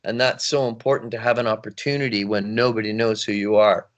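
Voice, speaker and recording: A middle-aged man, a voice actor, chatting in an interview with a rambling, animated manner. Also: lowish voice, fairly quick. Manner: animated, rambling, laughs often. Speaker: voice actor, guest. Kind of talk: casual interview chat.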